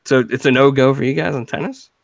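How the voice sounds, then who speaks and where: Gravelly-voiced man hosting a casual podcast. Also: mid-range voice, fairly even intonation, a little hiss or hum, low-quality recording. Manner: halting, many restarts and fillers. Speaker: podcast host. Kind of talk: casual chat.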